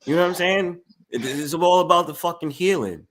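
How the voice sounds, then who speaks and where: A man's voice: a little high, a little fast, a bit bright. A man on a podcast panel, talking casually in profane street slang and often checking that he is understood. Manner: streetwise slang, profane, keeps asking "you feel me".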